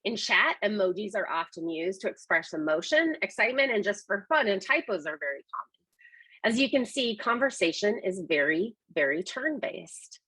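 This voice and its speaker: A woman's voice: mid-range voice, expressive, normal speed, pushed and bright, slightly rough, dry recording, poor audio. A woman presenting a webinar on conversation design, explaining points with emphasis. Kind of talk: scripted presentation.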